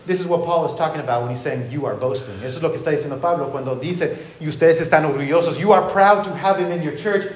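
A man preaching to a congregation in a voice a little higher than most men's. He switches line by line between English and Spanish and slips in dry, sarcastic asides. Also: rapid-fire, hardly any pauses. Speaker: pastor. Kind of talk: bilingual sermon, preaching in English and translating himself into Spanish. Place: church before a congregation.

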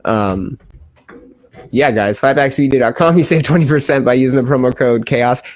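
A man's voice: medium pitch, brisk, a little mellow, dry recording. A young adult man hosting a podcast, chatting casually and reading a sponsor spot in a rambling, joking, profane way. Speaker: podcast host.

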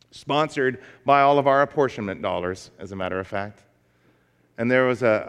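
Male pastor, sermon, emphatic, folksy storytelling, average pitch, long hall reverb. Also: clear, resonant tone.

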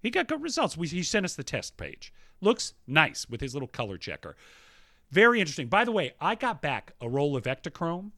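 A man in his thirties, a podcast co-host who talks fast and reads listener emails aloud with quick jokes. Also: on the high side, big pitch swings, sharp tone, no room sound, clean studio sound. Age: 30s. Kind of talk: casual podcast chat.

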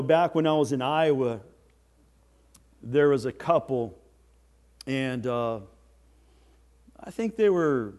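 A man preaching a sermon as pastor, swinging from soft, slow lines to loud, emphatic ones. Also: medium pitch.

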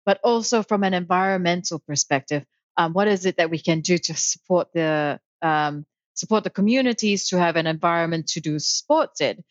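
A woman guest speaking in a thoughtful, measured way, with frequent ums and light laughs, about her career. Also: on the low side, no echo, dull audio. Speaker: interview guest, author and founder. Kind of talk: casual conversational interview.

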